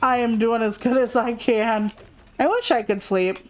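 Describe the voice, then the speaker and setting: A young woman in her young adult years chats casually during a gaming stream, candidly rambling and cursing without restraint. Her pitch is fairly high and her pace normal, the recording is low quality, and game music plays faintly behind her.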